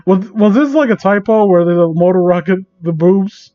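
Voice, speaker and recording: Man reading fan fiction aloud, sarcastic asides, high voice, dull lo-fi sound. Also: normal speed, faint music behind. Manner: sarcastic, incredulous, rambling asides. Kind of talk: comedic dramatic reading with commentary.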